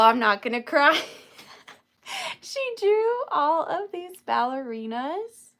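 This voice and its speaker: A woman's voice: on the high side, a bit bright. A woman in her thirties hosting a live vintage sale, chatting in a gushing, proud way. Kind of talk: casual live-sale chat.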